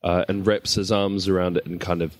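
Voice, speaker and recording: A man's voice: low voice, level tone. A man playing a tabletop game, describing his character's moves in an amused way. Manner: slow, amused, laughing often. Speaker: player.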